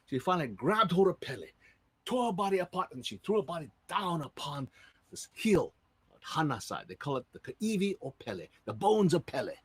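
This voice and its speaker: A man from Hawaii telling island legends with lively sound effects, in a Hawaiian Pidgin accent. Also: a little high, brisk, husky, no echo. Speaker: storyteller. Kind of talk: live storytelling of legends.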